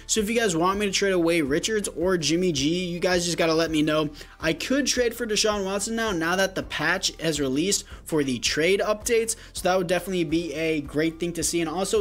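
A young man giving casual play-by-play commentary over a football video game, calling plays like a sports announcer with offhand asides to his viewers. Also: high-pitched. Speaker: gaming YouTuber. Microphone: gaming headset.

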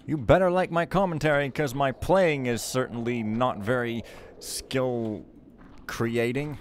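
A man's voice: medium pitch, unhurried, slight background noise. A man giving casual, joking, rambling commentary while playing a stealth game, mocking himself as he goes. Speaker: let's play commentator.

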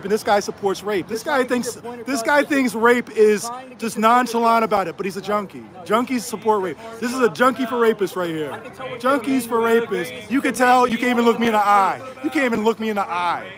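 A man's voice: high-pitched, fairly quick, crowd noise. A man heckling on a livestream outside a restaurant, taunting in mocking, repetitive jabs. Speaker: protester filming a street confrontation. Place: city street at night outside a restaurant.

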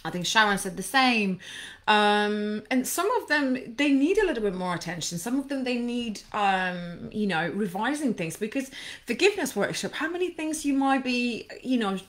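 A woman's voice: on the high side, expressive, moderate pace, a bit bright. A woman coaching people through anxiety in a casual live stream, bubbly and effusive, rambling with many fillers as she reacts to viewer comments.

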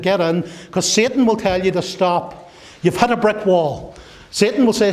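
A male pastor with a high, bright voice delivers an impassioned sermon in a church. He builds to fervent, repeated declarations and briefly slips into voices of God, Satan and his listeners. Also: normal speed.

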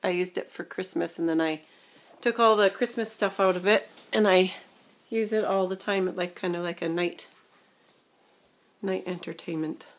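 A woman's voice: on the low side, moderate pace. A young woman talks casually in a home vlog while she shows her dolls. She rambles, fills gaps with little hesitations and corrects herself as she goes. Now and then her voice sinks almost to a whisper. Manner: chatty and rambling, with fillers and self-corrections; talks softly, sometimes dropping to a near whisper. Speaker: vlogger showing her reborn dolls. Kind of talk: casual chat.

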